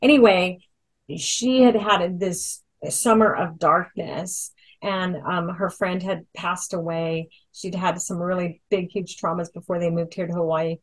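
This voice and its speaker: A woman with a fairly low voice tells stories in casual chat. She rambles a little, filling pauses with ums and restarting sentences. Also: fairly even intonation, poor audio. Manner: chatty storyteller, many ums and restarts. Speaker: product presenter. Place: Hawaii.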